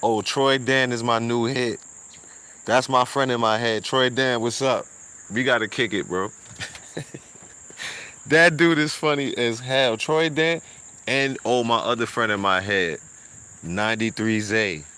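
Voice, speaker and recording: A man's voice: medium pitch, measured pace, pauses often, sharp tone, clear, resonant tone. A man, hosting a casual livestream, laid-back with lots of slang, often laughing and repeating words. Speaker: streamer and show host. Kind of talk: casual livestream chat and shout-outs.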